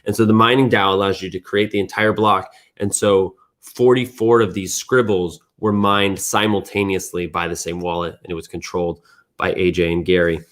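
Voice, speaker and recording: A man hosting a weekly community news recap, thinking out loud in a relaxed, casual way. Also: low-pitched, normal speed. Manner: thinks aloud, restarts and fillers, relaxed.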